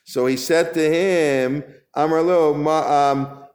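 A man's voice: on the high side, steady tone, slow, darkish tone. A man teaching an informal Talmud class, reading Aramaic lines and paraphrasing them in loose, conversational English. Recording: echoey room.

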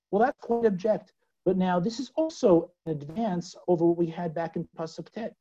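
A woman teaching a scripture lesson in a dramatic way, asking her listeners questions and swinging from loud to hushed. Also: lowish voice, slightly rough. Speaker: Bible teacher. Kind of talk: expressive scripture lecture. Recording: dull lo-fi recording.

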